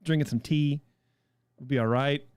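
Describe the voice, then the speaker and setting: A man's voice: medium pitch, fairly even intonation, moderate pace, a little mellow, smooth, no echo. Rambling, joking man hosting a podcast. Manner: rambling, self-deprecating, joking. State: has a cold. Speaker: podcast host. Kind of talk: casual podcast chat.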